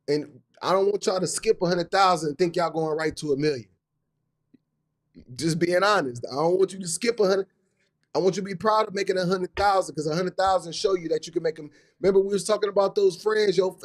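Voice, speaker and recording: A man hosting a live business stream, talking in a hyped, repetitive way with casual slang. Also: high-pitched. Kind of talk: motivational live talk.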